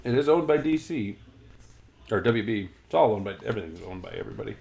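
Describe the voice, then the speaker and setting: A man's voice: lowish voice, expressive, fast, creaky, a little mellow. A man casually chatting and rambling about comics while reacting aloud to the video game he is playing. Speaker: gaming channel host.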